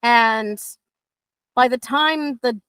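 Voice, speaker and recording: A middle-aged woman trainer talks her class through dog recall, chatty and animated. Her voice sits a bit high and sounds bright, with a dry, close sound. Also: drawn-out words, smooth, no room sound. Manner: chatty, acts out her dogs' thoughts in lively voices. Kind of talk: casual teaching talk to a class.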